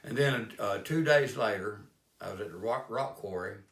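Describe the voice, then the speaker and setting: Guy telling homespun stories, kinda low voice, laid back and rambling. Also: moderate pace, fairly bright tone. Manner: plain-spoken, homespun, rambling anecdotes. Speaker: life-lessons speaker. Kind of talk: folksy storytelling monologue. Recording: roomy echo.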